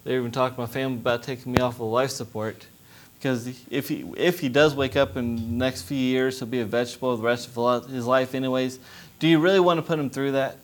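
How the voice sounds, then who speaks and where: Male preacher, young adult, mid-pitched, testimony sermon, pleading intensity. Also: fairly even intonation, quick pace, hardly any pauses. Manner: impassioned, rising to loud pleading. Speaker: missionary preacher.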